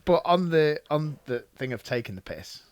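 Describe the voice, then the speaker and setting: A man's voice: fairly high pitch, big pitch swings, moderate pace, no echo. A middle-aged man hosting a podcast. He is easygoing, chuckles often and asks blunt questions. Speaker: podcast host. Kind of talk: casual interview.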